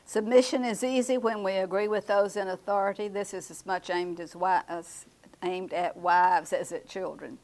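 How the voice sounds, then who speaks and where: A woman's voice: mid-range voice, fairly even intonation, moderate pace, a little mellow. Older woman, Bible study teacher; conversational, chuckles, echoes the class. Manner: conversational, repeats class answers, chuckles often.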